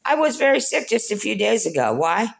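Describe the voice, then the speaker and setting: A woman's voice: mid-range voice, big pitch swings, a little fast, vocal fry. A middle-aged woman rambling through a personal monologue to her viewers, blunt, scolding and preachy, calling them "folks.". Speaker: spiritual vlogger.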